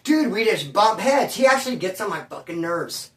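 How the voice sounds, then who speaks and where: A man's voice: sits high, lively intonation, moderate pace, a bit bright. A man who was in prison telling casual, profane stories full of slang, from California. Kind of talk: casual storytelling. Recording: echoey room, voice from far off.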